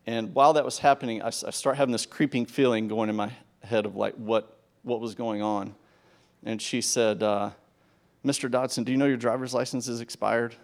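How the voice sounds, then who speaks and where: Gravelly-voiced man telling a sermon story. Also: fairly low pitch. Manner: conversational, with false starts and acted-out dialogue. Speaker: preacher.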